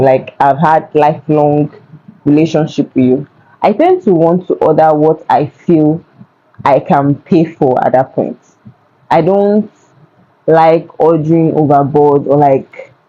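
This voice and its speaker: A young woman with a Nigerian accent telling a casual storytime to camera, chatty and animated. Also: low voice, highs cut off. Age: young adult. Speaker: vlogger. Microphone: phone.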